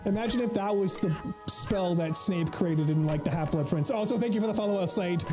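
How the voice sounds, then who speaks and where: This is a medium-pitched voice going a little fast over music, with poor audio. The speaker is a game streamer casually chatting with viewers and reading chat mid-game, rambling, laughing frequently and swearing freely.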